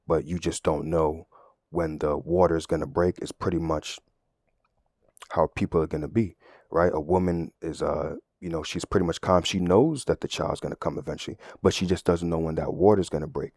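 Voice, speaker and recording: In a very deep, darkish voice with a level tone and normal speed, a man gives a relaxed Bible teaching. The studio-quality audio has no echo; he talks conversationally, tags lines with "right?", and uses everyday and sports comparisons.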